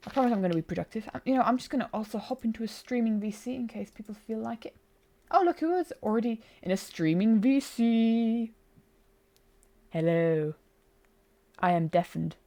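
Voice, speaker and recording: A bilingual woman with a fairly high, animated, dark-toned voice talks fast while streaming a game. She's chatty and giggly, poking fun at herself in casual live-stream chat close to a desk mic.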